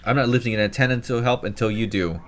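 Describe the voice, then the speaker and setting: A man's voice: fairly low pitch, quick pace, lightly acted. A man voicing a stubborn, snide rival from a game tribe who talks down dismissively. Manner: sneering, dismissive.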